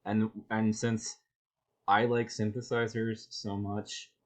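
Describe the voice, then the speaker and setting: A man hosting a reaction video, commenting sarcastically with exasperated, halting restarts. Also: on the low side, level tone.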